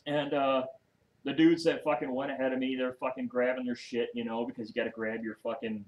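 A man's voice: mid-range voice, flat delivery, brisk, darkish tone, muffled recording. A man in a mid-range voice spins a long tale as a podcast guest, swearing nearly every line and wandering into asides before finding his thread again. His delivery is loose and conversational. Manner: heavy cursing, rambling asides. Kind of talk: casual storytelling.

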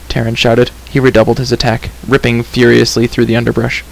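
A man reading a storybook aloud, gentle and unhurried. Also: medium pitch, completely flat delivery, vocal fry, rough recording.

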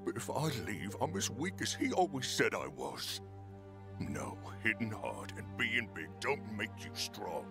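A hulking cartoon barbarian, proud but shaken, with a gravelly, rough-edged voice that rises and falls a lot. Music plays clearly under him. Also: male voice, on the low side, sing-song, a little slow, full character voice. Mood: resolute.

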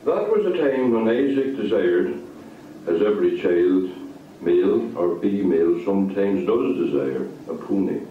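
A man reading a story aloud in a lively, expressive way. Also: low-pitched, unhurried, slight background noise. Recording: distant, echoey, phone-like lo-fi.

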